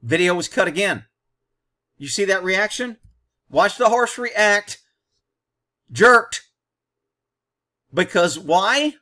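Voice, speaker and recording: A man's voice: high-pitched, animated, slow, pauses often, sharp tone. A man hosting a commentary on a training video, talking bluntly and combatively in short, punchy explanations.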